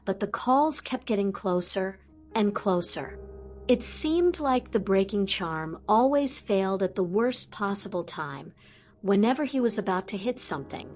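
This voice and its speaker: A woman reading a fantasy audiobook aloud in a lively storytelling manner. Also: medium pitch. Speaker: audiobook narrator. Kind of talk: scripted audiobook narration.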